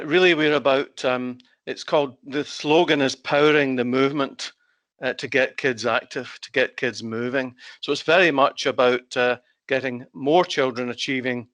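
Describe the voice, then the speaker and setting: A man with a Scottish accent giving an online conference presentation as a guest expert over a video call, measured and with frequent hesitations. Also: medium pitch, a bit bright, no echo. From Scotland.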